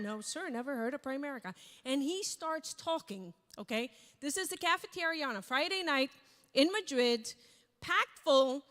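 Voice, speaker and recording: A woman's voice: high-pitched, normal speed. A woman speaker on stage telling a story with energy and acting out the voices of people she quotes. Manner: animated, acts out quoted voices. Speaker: keynote speaker. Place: large event hall. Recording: reverberant hall.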